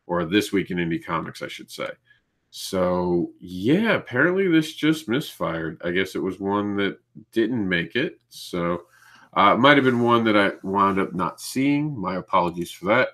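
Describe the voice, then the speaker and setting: A man's voice: on the low side, fairly bright tone. A man hosting a live indie comics news show, chatting casually, stumbling over names and laughing at his own slips. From Ireland.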